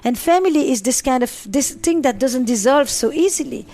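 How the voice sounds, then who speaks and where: A woman's voice: high voice, lively intonation, normal speed, dark tone. A middle-aged woman speaks as a psychotherapist in an interview. Her delivery is emphatic, and she often repeats a phrase to drive it home. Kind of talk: interview answers.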